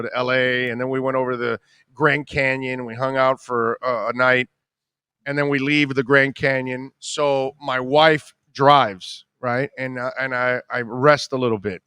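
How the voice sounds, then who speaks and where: A middle-aged man hosting a radio show, telling a long story in casual chat, rambling and animated with many restarts. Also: medium pitch, clean tone, no room sound, studio quality.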